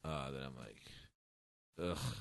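A man's voice: rumbling low, takes it slowly, vocal fry, dry recording. A man who is a stand-up comedian, telling blunt, profane stories in casual chat. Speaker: comedian guest.

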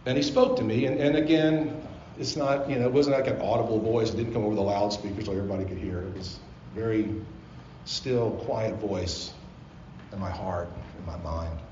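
A man's voice: lowish voice, fairly even intonation, moderate pace, a little mellow, slight background noise. A man, a pastor, delivering a sermon as earnest personal storytelling in a church. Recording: roomy, slightly dull live sermon recording.

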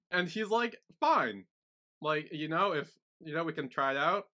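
A man's voice: a little high, pushed and bright. A man co-hosting a podcast recap in casual chat, retelling scenes and quoting characters. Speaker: podcast co-host.

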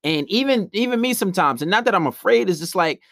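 A young man holds forth in a blunt, brash monologue and acts out the other side of each story. His voice sits high for a man. The sound is dry and close. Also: lively intonation, quick pace, vocal fry, few pauses, a bit bright, no room sound. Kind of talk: casual opinionated monologue.

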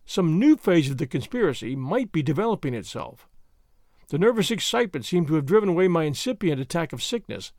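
Man, audiobook narrator, first-person story, expressive, high voice, dry sound. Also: no echo.

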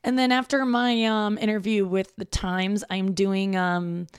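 A woman's voice: medium pitch, level tone, unhurried, clean tone, no room sound, studio quality. A woman stand-up comic hosting her own podcast, talking casually at home in a rambling, self-mocking way with frequent swearing. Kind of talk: casual solo podcast monologue. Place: room in her parents' home.

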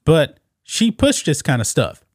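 A man's voice: on the high side, huge pitch swings, measured pace, dry recording. Male commentary host, casual and scoffing, addresses viewers as guys, dry room. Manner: talks straight to viewers, calls them guys; reads news quotes aloud, scoffing.

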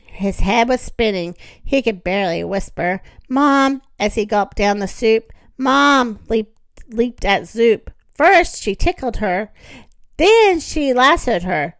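A woman reading a children's story aloud in an expressive, animated way. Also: fairly high pitch, no echo.

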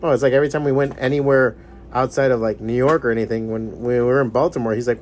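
A man in relaxed conversation, swearing a lot and breaking into impressions of others. His voice sits in a middle pitch. Faint shop ambience and a little noise run underneath. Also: fast. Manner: profane, laughs often, mimics people in anecdotes. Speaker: podcast host. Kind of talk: casual chat. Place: comic shop.

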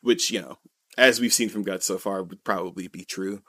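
Man, podcast co-host, casual rambling recap, lots of fillers, lowish voice. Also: moderate pace, a bit bright. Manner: rambling, heavy with fillers like "you know" and "like". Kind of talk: casual chat recapping a comic.

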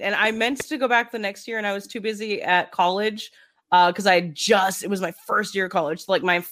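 A woman's voice: mid-range voice, a bit bright. Young woman, podcast co-host, rambling anecdotal storyteller. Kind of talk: casual chat.

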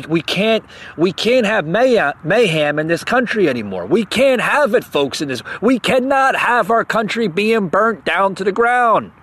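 Podcast host, man, higher-pitched voice, heated sarcastic rant, stammery. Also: fairly bright tone. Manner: agitated, repeats words and stammers, sarcastic.

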